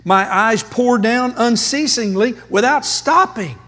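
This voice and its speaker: A male pastor preaching a sermon, emphatic, with dramatic pauses and rhetorical questions, in a church sanctuary. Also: extremely high pitch, bright, forceful tone. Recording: long hall reverb.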